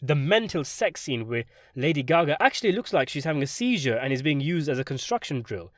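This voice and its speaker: A man delivering a scripted film review in a sardonic, animated way. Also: fairly high pitch, a little fast, dry recording, studio quality. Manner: sardonic, animated delivery with sudden jumps for emphasis. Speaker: film critic.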